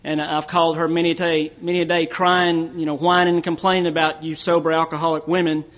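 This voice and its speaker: A Southern US man giving a recovery talk at a conference, telling folksy stories that build to joke punchlines. His voice sits high for a man, and he often stammers and restarts mid-sentence. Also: level tone, fast talker, a crowd in the background. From Tennessee, US. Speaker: AA speaker.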